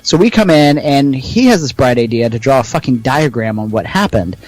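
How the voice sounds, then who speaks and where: A man's voice: medium pitch, normal speed, no echo, poor audio. A young man co-hosting a podcast, telling a rowdy story in casual, profane chat. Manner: profane, animated storyteller who acts out voices. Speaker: podcast co-host.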